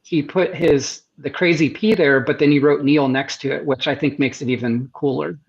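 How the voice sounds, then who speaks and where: A man's voice: a little high, fairly even intonation, normal speed, vocal fry, muffled recording. A man talking as a guest artist in a casual interview, enthusiastic and rambling with many restarts, heard over a video call.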